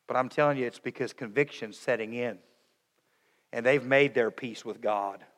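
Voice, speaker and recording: A man preaching a sermon, emphatic, moving between raised passages and hushed ones. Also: medium pitch, normal speed, long reverb tail. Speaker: pastor.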